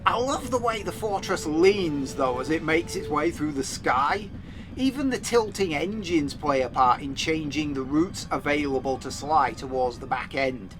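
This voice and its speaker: A man's voice: on the high side, expressive, measured pace. A man narrating a video game review in a scripted voice-over, with wry, chatty asides. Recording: voice-over with faint game music.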